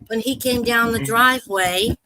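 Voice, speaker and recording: A woman on a live panel discussion telling an urgent personal story in a halting way, with restarts and swearing. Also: on the high side, background noise. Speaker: panel caller.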